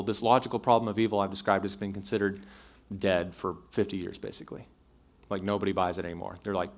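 A man giving a conversational talk to college students, with many fillers and restarts, checking in with his listeners. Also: lowish voice. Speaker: speaker addressing college students. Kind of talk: apologetics talk to a live audience.

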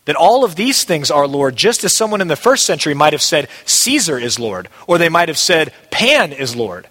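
A man's voice: fairly high pitch, big pitch swings, normal speed, pushed and bright, breathy edge. A male pastor preaching a sermon, emphatic and repeating key phrases for weight. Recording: long hall reverb.

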